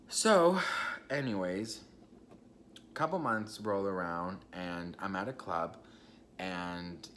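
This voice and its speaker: A man's voice: low-pitched, pushed and bright, slight background noise. A young man telling a personal story in a casual, chatty vlog, swearing freely and talking straight to his viewers. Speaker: vlogger.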